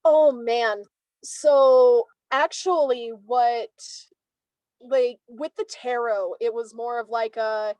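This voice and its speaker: Young woman from savannah, kinda high voice, lively storyteller, dry close sound. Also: a little slow, no room sound, low-quality recording. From Savannah, Georgia, US. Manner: animated storyteller, acts out quoted speech. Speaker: guest. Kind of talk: casual conversation.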